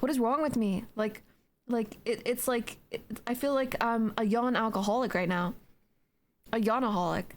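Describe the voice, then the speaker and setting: A young adult woman streaming from home, chatting playfully with her chat in a rambling, filler-heavy way between yawns. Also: on the high side. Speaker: Twitch streamer. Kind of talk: casual live-stream chat, reading chat aloud.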